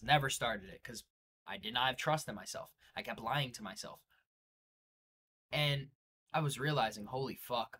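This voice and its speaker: A young man with a bright, sharp-edged voice rants at his viewers in a blunt, preachy way. His talk is loaded with slang and swearing, pushing them to drop their excuses. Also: medium pitch, slightly rough. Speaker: day-trading vlogger. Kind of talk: motivational rant to camera.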